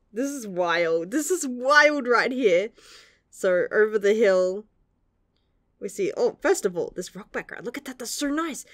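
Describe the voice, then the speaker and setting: A woman's voice: mid-range voice, a bit bright, no echo, clean studio sound. A young woman gushing through a casual manga chapter review, laughing often and swearing casually.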